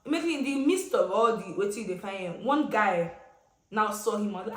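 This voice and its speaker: A woman's voice: medium pitch, quick pace. Young Nigerian woman telling a story in an echoey room. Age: young adult. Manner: chatty, expressive storytelling with slang and pidgin asides. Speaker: vlogger. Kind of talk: casual storytime.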